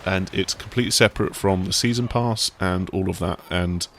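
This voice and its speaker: A man's voice: low voice, a little fast, creaky, a bit bright, a little hiss or hum. A man hosting a casual video game chat, talking in a rambling, enthusiastic way. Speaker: gaming site host.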